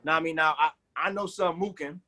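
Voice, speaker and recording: A man's voice: a little high, fairly even intonation, brisk, bright, forceful tone. A man co-hosting a casual podcast, telling a story in laid-back slang. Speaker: podcast co-host. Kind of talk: casual chat.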